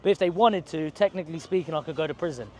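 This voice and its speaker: A man's voice: a little high, quick pace, darkish tone. A man, telling a rambling, slangy story to camera outdoors on a city street. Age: 20s. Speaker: vlogger.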